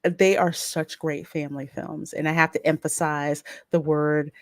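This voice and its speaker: A woman hosting a casual pop culture podcast, opinionated and animated, often laughing. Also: low-pitched, normal speed, no echo, studio quality. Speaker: podcast host.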